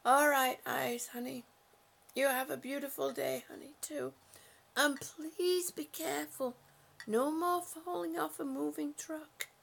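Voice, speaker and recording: A woman hosting a casual livestream from home, chatting warmly with viewers and reading their comments aloud, with lots of fillers and terms of endearment. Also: high-pitched, steady tone, a little slow, gravelly. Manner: chatty and affectionate, frequent fillers. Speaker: livestream host.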